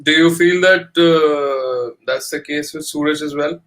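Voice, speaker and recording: A man's voice: on the high side, fairly even intonation, measured pace, a bit bright. A man in casual chat who teases and laughs easily, with a melodic way of speaking.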